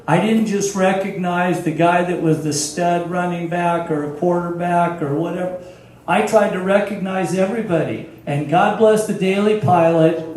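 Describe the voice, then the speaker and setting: Older man, slow speech in echoing hall. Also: high voice, slight background noise. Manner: folksy, storytelling, emphatic. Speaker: former football coach. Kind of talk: speech at a team reunion. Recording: very echoey, from far off.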